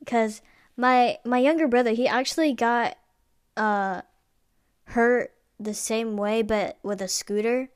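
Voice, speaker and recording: A woman's voice: on the high side, steady tone, slow pace, clean tone, no room sound, studio quality. A young woman hosting a podcast, telling personal stories in a rambling, casual way with lots of fillers and restarts. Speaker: podcast host.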